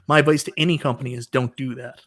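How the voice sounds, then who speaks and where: A man's voice: mid-range voice, fairly even intonation, fast, fairly bright tone. A man hosting a casual live stream, giving blunt, opinionated takes and often repeating himself.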